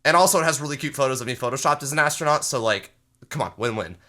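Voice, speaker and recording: A man's voice: mid-range voice, animated, racing, sharp tone. A man hosting an improv card game with friends, bragging in a hammy, joking way. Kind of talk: joking improv chat over a voice call.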